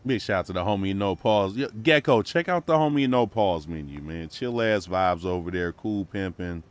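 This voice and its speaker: A man with a Brooklyn-tinged American accent, chatting casually on a game stream in loose, profane slang and shouting out his viewers. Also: deep voice, moderate pace. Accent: Brooklyn-tinged American English. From born in New York, raised in Minneapolis.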